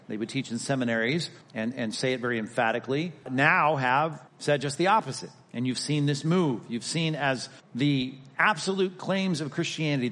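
A man's voice: mid-range voice, fairly bright tone, long reverb tail. A man teaching a Bible lesson, emphatic and methodical, repeating key points as he reasons step by step. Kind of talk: recorded teaching lecture.

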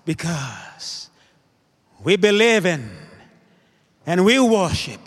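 A man's voice: high voice, expressive, a little slow, a bit bright. A man preaching a sermon as pastor, leading the congregation in call-and-response and driving points home with rhythmic repetition. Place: church sanctuary with live congregation. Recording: echoey church hall reverb.

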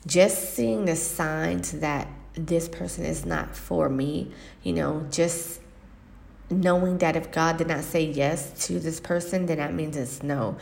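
A woman hosting a faith-based podcast, speaking earnestly and reflectively with frequent pauses and fillers. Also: sits low, gravelly, a little mellow. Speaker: podcast host. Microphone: podcast microphone.

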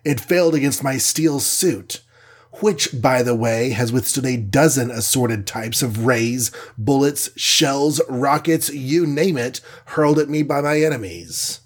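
A man's voice: medium pitch, unhurried, lightly acted. A man doing a brash, cheerful armored hero. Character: cocky armored male superhero.

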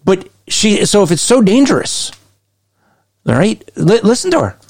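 Male co-host, pushy and emphatic, slightly raised pitch, breaks down clips for listeners. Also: very animated, moderate pace, a little mellow, no room sound. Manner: emphatic, argumentative, often shifts pace. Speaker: podcast co-host. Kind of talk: commentary on played interview clips.

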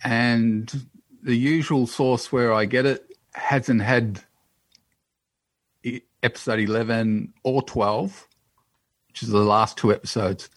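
Measured man in casual podcast chat. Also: mid-range voice, steady tone, no room sound. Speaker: podcast co-host.

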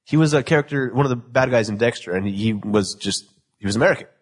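A man with a husky, slightly rough voice, talking casually as a podcast co-host. He rambles, starts sentences over, and laughs easily. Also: mid-range voice, fast talker. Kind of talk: casual chat.

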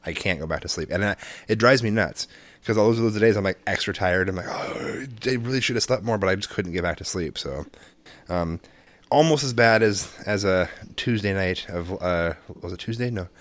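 A man's voice: sits low, moderate pace, a bit bright, dry recording. Profane, rambling man telling stories. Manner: rambling, profane storytelling with frequent laughs. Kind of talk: casual chat.

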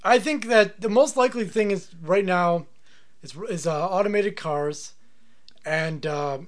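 Man, high voice, podcast co-host, rambling, speculative, full of uh's. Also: unhurried. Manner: rambling, speculative, lots of fillers. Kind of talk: casual chat.

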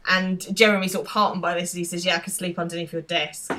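Low-pitched woman, chatty co-host. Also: steady tone, fast, pushed and bright, a little hiss or hum. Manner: chatty, laughing, lots of ums and yeahs. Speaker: podcast co-host. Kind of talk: casual chat recapping a TV episode.

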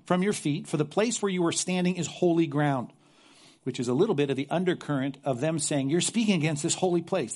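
A man preaching a sermon and reading scripture aloud, earnest, often repeating words as he stresses a point. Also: on the high side. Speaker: pastor.

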